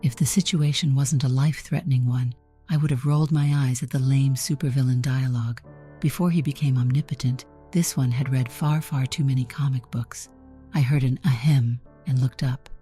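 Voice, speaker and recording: Woman narrator, scripted first-person story, even delivery, dark mellow tone. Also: extremely low pitch, moderate pace, soft background music.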